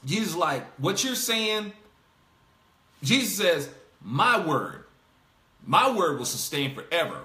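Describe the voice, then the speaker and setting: A man hosting a casual Bible discussion, talking in an animated way, laughing and acting out the quotes he reads. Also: a little high, slow, reverberant. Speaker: host.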